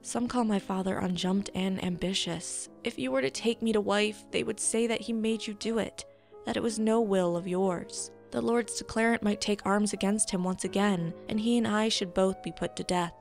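A calm young noblewoman speaks softly and soothingly, as a woman reading aloud puts her on. Her voice sits at an ordinary middle pitch. Faint music plays underneath. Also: moderate pace, vocal fry, close to an everyday voice. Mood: gentle. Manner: soft, soothing. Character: young highborn woman, gentle and careful.

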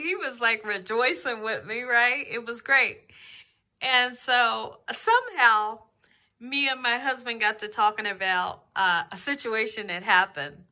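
A mid-range, bright and forceful voice belongs to this cooking channel host, who opens up emotionally in a casual home vlog. Her camera is very close to her face, and she speaks from the heart in a slow, drawn-out manner.

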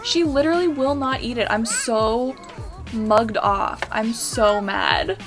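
A young woman giving casual commentary on a life-sim game, excitable and anxious, talking to the characters on screen. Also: fairly high pitch, slow pace, soft background music. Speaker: gaming YouTuber.

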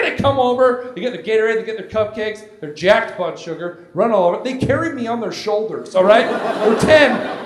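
A man in his forties doing a stand-up comedy routine on stage, loud and animated, often shouting for effect. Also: very high voice, normal speed, noisy background. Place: comedy stage before a live audience. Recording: echoey live room with crowd.

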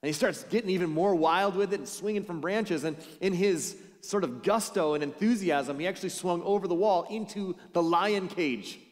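A man's voice: high voice, normal speed, few pauses. A pastor giving a conversational sermon to his congregation, telling stories along the way. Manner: storytelling, conversational preaching. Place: church sanctuary. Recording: church hall with long reverb.

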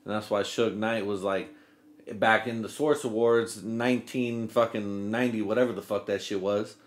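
A man's voice: lowish voice, steady tone, normal speed. Comedy podcast host, male, loose and profane, rambles and does goofy quote voices.

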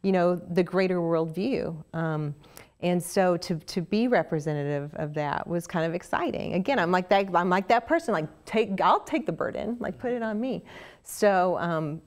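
A middle-aged woman from Oklahoma with a Southern Oklahoma accent, telling stories in a casual interview, animated and chatty with many restarts. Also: fairly low pitch. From Oklahoma, USA. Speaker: interview guest, actress.

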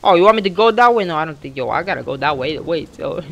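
A young woman commenting on a horror game as she plays it, excitable and casually swearing, often yelling at what happens on screen. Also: low-pitched, fast talker, muffled recording. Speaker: gamer, channel host. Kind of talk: let's play commentary.

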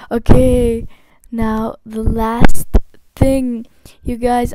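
An excitable woman gushes through her gameplay commentary, squealing again and again. Her voice sits fairly high, and a faulty home mic leaves clear noise under every word. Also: slow. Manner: gushing, excitable, squeals often. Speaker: gaming channel host.

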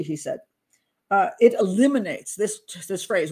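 A woman's voice: on the low side, expressive, normal speed, a little mellow. A woman hosting a true-crime commentary show, talking casually and chattily, often breaking off her own sentences and laughing at herself.

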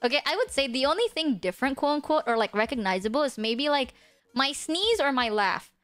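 A woman's voice: high voice, very animated, a little fast. A woman vtuber streamer chatting casually and rambling with lots of fillers and laughs, sometimes dropping to a whisper. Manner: drops to a hushed whisper at times. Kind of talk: casual livestream chat.

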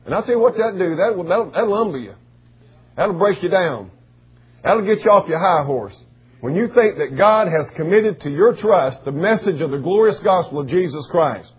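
A middle-aged man preaching a sermon as pastor, emotional, going from soft and teary to shouting. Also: fairly high pitch, expressive, moderate pace, slightly rough. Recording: dull lo-fi church recording.

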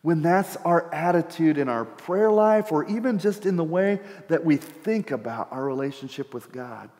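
A man's voice: a little high, lively intonation, moderate pace, darkish tone. A middle-aged man preaching a conversational sermon as pastor, repeating words as he thinks aloud. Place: church hall. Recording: church hall with long reverb.

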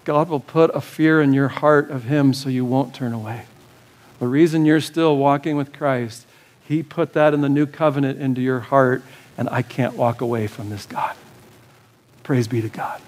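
A man's voice: mid-range voice, steady tone, moderate pace, a little mellow. A male pastor preaching a sermon in an urgent, pleading way, repeating short commands. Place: church service.

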